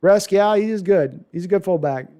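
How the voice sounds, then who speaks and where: A man hosting a casual live stream, reading viewer comments aloud and answering them with quick asides and self-corrections. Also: high-pitched, warm tone, clear, resonant tone. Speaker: livestream host answering viewer chat. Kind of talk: casual live chat about football.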